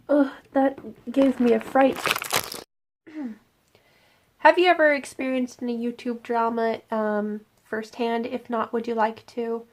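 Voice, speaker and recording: A woman's voice: a little high, fairly even intonation, slow, a little mellow, slight background noise. A young woman hosting a casual Q&A vlog from her room at home at night, playful and jokey. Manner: playful and jokey, slipping into silly voices. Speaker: YouTuber host.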